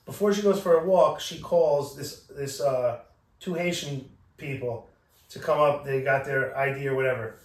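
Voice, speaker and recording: A man's voice: mid-range voice, moderate pace. A man hosting a podcast, telling a story casually with lots of swearing and acting out both sides of the exchange. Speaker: podcast host. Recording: echoey room, distant from mic.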